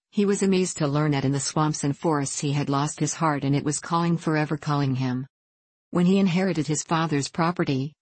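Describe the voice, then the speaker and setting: A woman narrates an audiobook in a calm, measured way. Her voice is very low for a woman, and the recording is dry and close. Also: husky, no echo.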